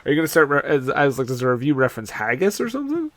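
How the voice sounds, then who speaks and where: A male podcast co-host reading reviews with amused, incredulous reactions. His voice sits slightly high for a man. The sound is dry and close, with no room around it. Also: big pitch swings, very fast, no room sound. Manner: amused, incredulous, laughs often. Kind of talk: casual chat, reading reviews aloud.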